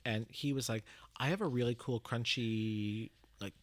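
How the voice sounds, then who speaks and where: A man telling a story as a guest, full of "like"s and self-corrections, with an ordinary middle pitch. His voice sounds dry and close, with no room echo. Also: moderate pace. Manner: animated storyteller, many fillers and restarts. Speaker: guest, medium and teacher. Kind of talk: casual storytelling chat.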